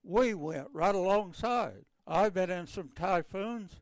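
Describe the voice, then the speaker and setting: An older man, a navy veteran, recounting wartime memories in a halting, repetitive way with many restarts. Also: high-pitched, no room sound.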